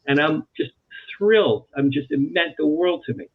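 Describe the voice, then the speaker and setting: A man, an author guest on an interview show, telling animated anecdotes and repeating phrases for emphasis. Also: on the high side, moderate pace. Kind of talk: storytelling in a talk-show interview. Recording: tinny phone-like line.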